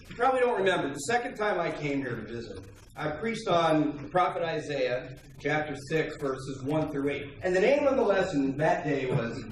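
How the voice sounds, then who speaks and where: A man preaching a sermon to his church, opening with jokes and an animated story. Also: a little high, distant mic, a little hiss or hum. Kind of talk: sermon with light humor. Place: church hall. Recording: very echoey hall, picked up from afar.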